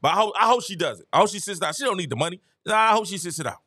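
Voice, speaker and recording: A middle-aged man hosting a live stream, ranting casually to his viewers in an animated, preachy way and repeating phrases for emphasis. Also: high-pitched, very fast. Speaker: live-stream show host. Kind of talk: casual opinion rant to viewers.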